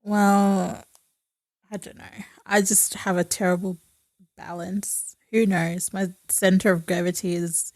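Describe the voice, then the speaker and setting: A young Australian woman guesting on a podcast, chatting casually, sarcastic and quick to giggle. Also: lowish voice, little pitch movement, darkish tone, no room sound. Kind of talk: casual chat.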